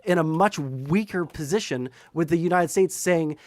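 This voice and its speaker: Man streamer, casual political rant, profane and rambling, slightly high voice. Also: moderate pace, few pauses, dry recording, clean studio sound. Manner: profane, rambling, animated with filler words.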